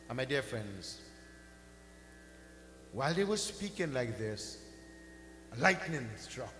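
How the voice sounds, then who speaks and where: A man delivers a sermon at a very unhurried pace, his tone bright and ringing. His voice booms through a large hall with a long reverb tail and a faint hum underneath. He draws out key words and now and then chants a mantra. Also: very animated, soft background music. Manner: slow, rising and falling emphatic delivery, chanting mantras. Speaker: pundit giving a religious discourse. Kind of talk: sermon storytelling.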